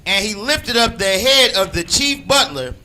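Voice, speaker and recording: A man reading Bible verses aloud slowly and deliberately. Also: high voice, very animated, pushed and bright. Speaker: scripture reader.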